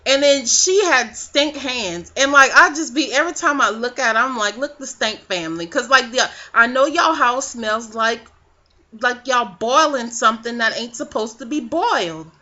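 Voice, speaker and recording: A woman's voice: sits high, unhurried, sharp tone. A woman vlogging a casual recap of a reality show, sassy and profane in her gossip. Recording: dull lo-fi webcam audio.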